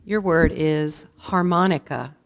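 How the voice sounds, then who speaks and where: Woman, low pitch, clear tone; spelling bee pronouncer, measured and formal. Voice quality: measured, deliberate enunciation. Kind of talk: formal word pronouncing and definitions. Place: school auditorium.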